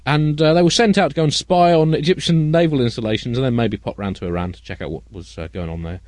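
A man's voice: medium pitch, quick pace, a little mellow, no echo. A man co-hosting a comedic news podcast, riffing in rambling, absurd tangents. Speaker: co-host.

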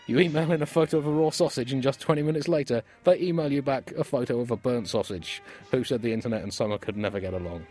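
A British man in his thirties hosting a satirical comedy podcast, dry and deadpan, with sudden bursts of mock outrage. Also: medium pitch, fast, hardly any pauses, faint music behind.

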